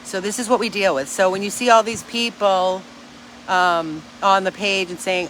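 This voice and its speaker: With slight noise around her, a woman who runs a dog rescue chats to her followers outdoors in an easygoing vlog, earnest and emphatic. Her mid-range voice is a bit bright, with fairly even intonation and a moderate pace.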